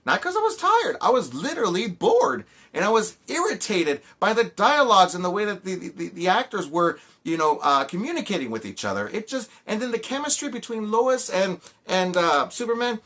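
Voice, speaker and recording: A man's voice: high voice, very animated, a little fast, hardly any pauses, bright, forceful tone. A man giving a casual movie review, rambling with many fillers and restarts and often sounding exasperated.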